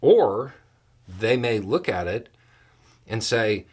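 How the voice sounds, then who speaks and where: A man as a guest analyst, explaining political outcomes in a steady, measured way. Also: fairly low pitch, husky.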